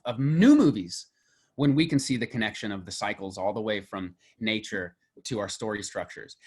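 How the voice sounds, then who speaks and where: A man, a mythology and film teacher, lecturing to a class with enthusiasm, thinking aloud with fillers and restarts. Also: medium pitch.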